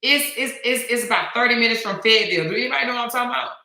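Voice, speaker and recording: A woman's voice: on the high side, rapid-fire, sharp tone, roomy sound. A middle-aged woman hosting a casual live stream, chatty and slangy, reading viewer comments aloud. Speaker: host.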